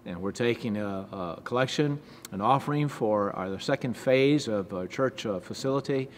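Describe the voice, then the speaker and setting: A male pastor giving a devotional sermon with scripture reading, earnest, measured and encouraging. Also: fairly low pitch. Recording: echoey hall with faint background noise.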